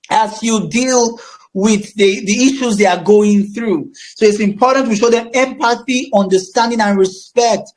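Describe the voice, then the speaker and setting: A Nigerian man facilitating a counseling course, speaking emphatically with a projecting voice and often repeating his phrases. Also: sits high. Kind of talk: teaching a class.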